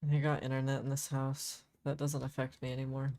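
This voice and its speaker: Gravelly man in joking gaming banter. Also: mid-range voice, completely flat delivery, a little fast, darkish tone, a little hiss or hum. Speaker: streamer. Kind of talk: casual gaming chat.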